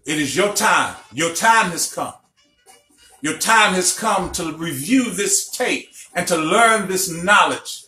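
A man's voice: high-pitched, animated, slow pace, bright, forceful tone. A middle-aged man from Illinois, a spiritual teacher giving a recorded lecture broadcast. He tells stories emphatically and keeps checking in with his listeners. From Illinois, USA. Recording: echoey room, faint music behind.

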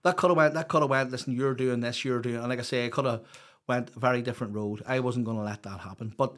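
A man's voice: mid-range voice, fast talker, fairly bright tone. A middle-aged man with a Northern Irish accent, a podcast guest telling stories in a rambling, blunt, sweary way. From Northern Ireland. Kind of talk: casual storytelling chat.

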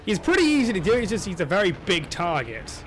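An excitable young man talks over his gameplay, his voice sitting a little high and swinging widely in pitch. He yelps, laughs and chatters casually, with faint game music underneath. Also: fast talker. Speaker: gaming channel host.

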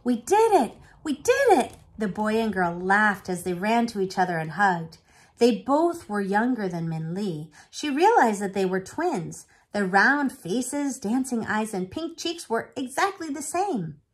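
A woman teacher reading a novel aloud to her students, expressive and animated. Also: mid-range voice, unhurried.

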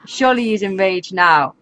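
This woman, a gaming YouTuber, keeps up loose, chatty let's-play commentary on a life-sim game, frequently laughing or exasperated. Her mid-range voice has a slightly bright quality.

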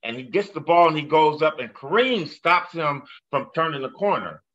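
A man who once played the game tells an animated story from his career, getting louder as it builds. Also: a little high, normal speed, highs cut off. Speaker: former player telling a story.

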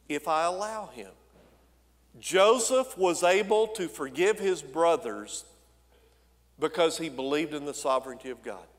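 A man preaches from the pulpit with a voice set a little high. He talks in a folksy, conversational way and keeps turning to the congregation with quick asides. His words trail off into the long reverb of a church sanctuary. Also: fairly bright tone. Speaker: senior pastor. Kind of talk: sermon.

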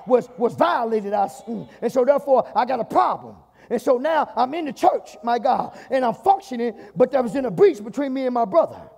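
A man's voice: extremely high pitch, gravelly, warm tone, slightly rough, in a large hall. A man with a Southern US accent preaching a sermon as pastor in a church, repeating "my God" and calling on the congregation. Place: church sanctuary.

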